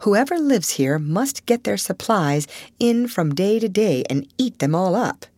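A woman voicing an excitable young woman in an audiobook, who speaks eagerly in high, breathless cries. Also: measured pace, no room sound. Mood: wistful.

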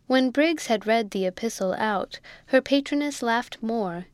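A woman narrating a classic novel in a measured, expressive reading. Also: on the high side, dry recording. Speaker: audiobook narrator. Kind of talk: literary narration.

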